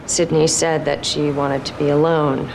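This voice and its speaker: Guarded young suspect, gravelly, noisy tv clip. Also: female voice, deep voice, flat delivery, measured pace.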